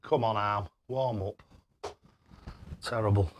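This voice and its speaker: A man's voice: lowish voice, fairly even intonation, slow pace, slight background noise. An older man chatting casually on a live stream, reading out viewer messages and throwing darts, laughing often and fumbling over tricky names. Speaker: darts livestreamer reading chat.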